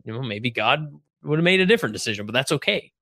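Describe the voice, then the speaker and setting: A man hosting an interview podcast at an average pitch. He talks casually and thinks out loud, with lots of fillers. His voice is recorded dry and close, with no room sound. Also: expressive, fast talker, no echo. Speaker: podcast host.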